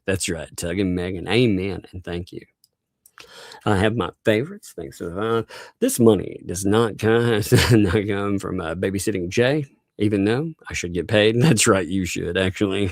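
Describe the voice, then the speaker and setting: Gravelly, laughing male livestream host. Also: low voice, dry recording, clean studio sound. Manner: laughs constantly between remarks. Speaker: livestream host reading viewer donations. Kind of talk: casual livestream chat.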